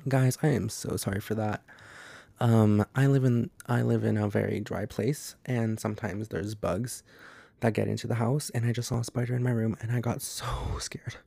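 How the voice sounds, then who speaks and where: A young man talks on his own podcast late at night from his bedroom, rambling through filler words in a gravelly, mellow voice. He sounds scared and worn out. The sound is dry and close. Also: lowish voice, steady tone, moderate pace, dry recording. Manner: rambling, jumpy, with many fillers. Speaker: podcast host. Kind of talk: casual solo podcast chat. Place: bedroom at home.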